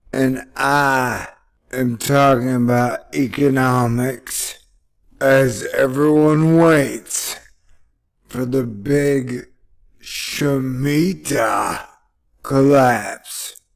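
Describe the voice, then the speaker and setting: A man giving rambling, playful solo commentary on economics, with drawn-out phrasing and sudden excited outbursts. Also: mid-range voice, vocal fry.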